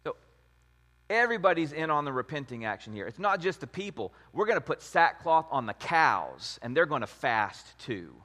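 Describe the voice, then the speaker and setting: A man giving a conversational sermon on scripture, with an animated, lively delivery that jumps up in pitch when he acts out quotes. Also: normal speed, in a large hall. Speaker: preacher.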